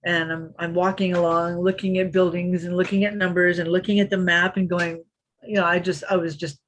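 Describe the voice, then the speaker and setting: Woman telling a lively story. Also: on the low side, fairly quick, a little hiss or hum. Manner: lively anecdote teller who acts out quotes. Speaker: interview guest. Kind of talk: storytelling in a podcast interview.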